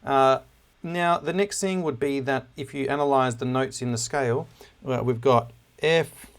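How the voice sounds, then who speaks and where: A man giving a relaxed music lesson, with many filler words and self-deprecating asides. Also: mid-range voice, measured pace. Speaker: music teacher. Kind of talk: casual classroom lesson on music analysis.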